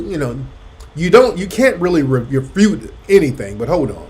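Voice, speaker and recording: A man's voice: a little high, expressive, normal speed, darkish tone. A man hosting a talk show, mocking and arguing back at a clip he plays. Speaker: radio host. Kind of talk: commentary over a played clip.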